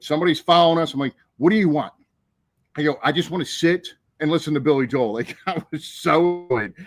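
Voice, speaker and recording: A man telling a story in casual chat on a podcast, animated and profane, acting out the people in it. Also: medium pitch, dry recording. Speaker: podcast co-host.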